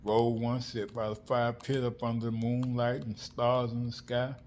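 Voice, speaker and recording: A middle-aged man from South Florida telling family stories in an animated, slangy vlog monologue, acting out the people he quotes. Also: medium pitch, normal speed. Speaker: vlogger. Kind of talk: casual storytelling monologue. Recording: faint background noise.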